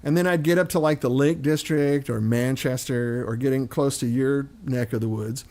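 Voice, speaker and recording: A man's voice: mid-range voice, moderate pace, a little mellow. A man from Missouri with an American accent, a chatty host who tells stories and acts out other people's voices. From Missouri, United States. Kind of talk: casual chat.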